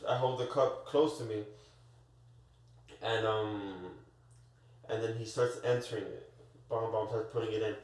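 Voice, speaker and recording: A man telling a story in casual podcast chat, animated and full of slang, stumbling over his words and restarting. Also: on the low side, a little slow, long pauses. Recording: roomy echo, far from the mic.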